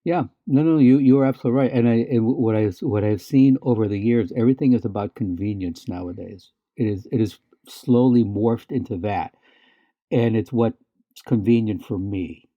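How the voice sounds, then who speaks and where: Speaking at normal speed in a fairly low voice, a male podcast co-host chats casually and tells stories, restarting often, using plenty of fillers, and laughing from time to time. The audio is dull, without echo.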